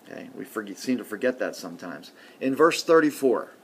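A man preaching a sermon in a conversational way, often adding "see" and "okay", and swinging from loud emphasis to quiet murmurs. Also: medium pitch, big pitch swings, fairly quick, slight background noise.

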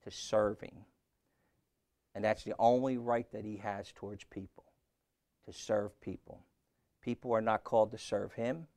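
Gravelly, emphatic male preacher. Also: lowish voice, a little mellow, dry recording, clean studio sound. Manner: emphatic, repeating phrases. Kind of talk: sermon.

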